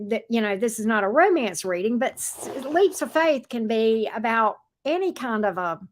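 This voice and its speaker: A woman hosts a casual live tarot stream, speaking in a fairly high voice. She greets viewers by pet names and talks loosely through each card, with plenty of ums and restarted sentences.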